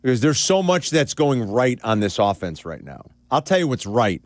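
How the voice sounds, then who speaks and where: A man co-hosting sports radio, breaking down the game with candid, animated opinions. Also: medium pitch, moderate pace, no echo. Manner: animated, candid analysis with asides. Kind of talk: casual sports talk. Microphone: studio broadcast mic.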